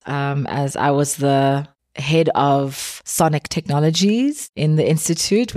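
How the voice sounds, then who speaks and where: A woman from South Africa, a guest artist, answering interview questions in a thoughtful, measured way with pauses. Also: low voice, a little mellow, no echo, studio quality.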